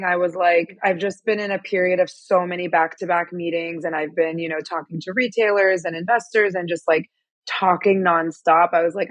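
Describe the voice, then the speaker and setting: A woman founder as a podcast guest, her voice slightly scratchy after losing it, talking in a relaxed, conversational way. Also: lowish voice, no echo. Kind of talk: casual interview chat.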